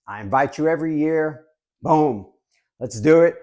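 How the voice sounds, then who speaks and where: A man's voice: on the high side, expressive, moderate pace, a little mellow. A man in his fifties from Southern California, chatting casually and joking as he reviews collectibles for his viewers. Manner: chatty, joking, repeats "guys". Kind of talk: casual chat to camera.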